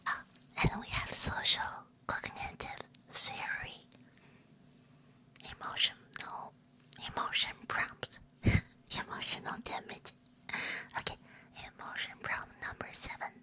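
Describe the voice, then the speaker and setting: A woman's voice: slow, pauses often, sharp tone. A young woman VTuber in a playful, giggly whispered role-play on a binaural mic, reading prompts aloud and slipping in Chinese and Japanese phrases. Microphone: binaural 3Dio microphone.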